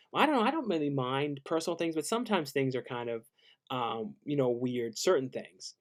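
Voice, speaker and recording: A laid-back man chatting on a late-night live stream, reading viewer questions aloud. His voice sits at an ordinary middle pitch, and he speaks in a halting way with easygoing pauses. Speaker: streamer hosting a Q&A. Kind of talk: casual live-stream chat.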